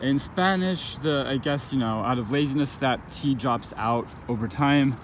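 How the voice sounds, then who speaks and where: A man explains a language point in an unscripted lesson, pausing, restarting and filling gaps as he works things out aloud. His voice sits at an ordinary middle pitch. Car and street noise comes through clearly behind him. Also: low-quality recording. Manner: thinking aloud, halting with many restarts and fillers. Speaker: language teacher. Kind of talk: informal spoken lesson.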